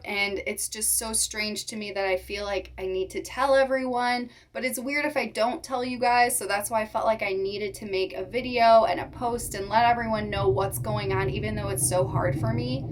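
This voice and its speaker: A young woman talks straight to her followers in a heartfelt vlog. Her voice sits at an ordinary mid pitch, and she speaks in halting, sincere phrases while holding back tears. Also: fairly bright tone. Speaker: reptile keeper vlogger. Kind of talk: emotional personal vlog talk.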